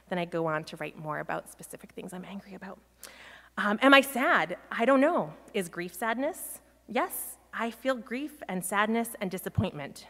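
A woman pastor giving a sermon in a reflective, measured way, pausing often. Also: medium pitch, expressive, bright, forceful tone. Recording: long reverb of a large hall.

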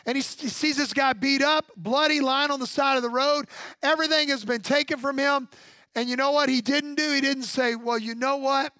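A man's voice: very high-pitched, steady tone, a little fast, pushed and bright, no echo. A male pastor preaching a sermon in punchy repeated phrases, drawing call-and-response from the congregation.

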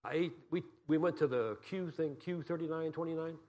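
A man's voice: fairly high pitch, a little fast, a little mellow. A man from Massachusetts giving a guest sermon as a pastor, telling folksy, joking stories and asking the congregation questions.

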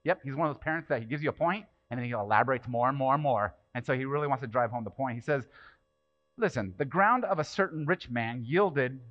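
A pastor preaches a sermon in church, speaking conversationally and firing rhetorical questions at the congregation while swinging between loud bursts and hushed asides. His voice is mid-range, he talks fast, and the recording sounds muffled.

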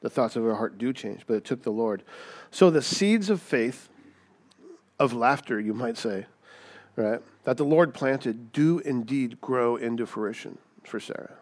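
An unhurried but animated man with a medium-pitched, darkish voice preaches in a conversational manner. He frequently asks rhetorical questions and slips into acted-out voices.

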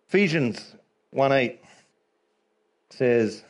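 A man preaching a sermon with a slightly high voice that swings widely in pitch. He talks in an animated way and laughs often. He acts out small scenes for his listeners. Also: moderate pace.

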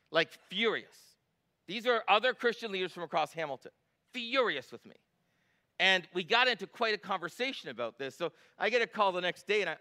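A middle-aged man preaches with a notably high, bright and forceful voice. He drives his points home with emphatic repetition and rhetorical questions, passionate but in control. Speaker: pastor. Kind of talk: sermon.

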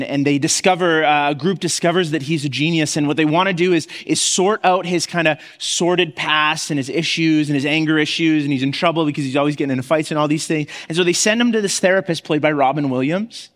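High-voiced man preaching in a reverberant hall. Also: brisk, few pauses, fairly bright tone. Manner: conversational, frequent restarts, acts out quoted voices. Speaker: pastor. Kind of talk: sermon.

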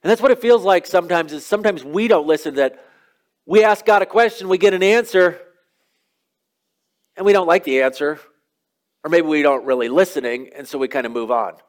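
Pastor, male, slightly high voice, relaxed conversational sermon delivery with chatty asides. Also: fairly quick, long pauses. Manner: conversational, storytelling preaching with casual asides.

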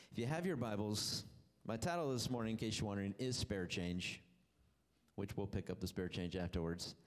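Pastor preaching in a reverberant hall. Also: male voice, mid-range voice. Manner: conversational, repeats words when starting sentences. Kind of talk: sermon with scripture reading. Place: church sanctuary.

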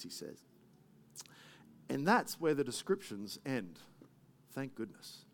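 A man's voice: mid-range voice, sing-song, slow pace, gravelly. A man preaching a sermon in a conversational way, full of asides and rhetorical questions. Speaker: pastor.

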